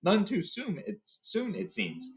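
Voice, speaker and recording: Brief: an old wizard, stern and forceful, raised pitch, read by a man. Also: huge pitch swings, takes it slowly, exaggerated voice. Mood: commanding. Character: old commanding male wizard.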